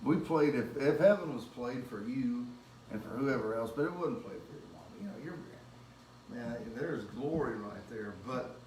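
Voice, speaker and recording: A man's voice: mid-range voice, lively intonation, moderate pace, darkish tone. A man hosting a casual talk show as a singer, telling a rambling, self-correcting story. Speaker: host and singer. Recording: echoey room, mic far off, noisy background.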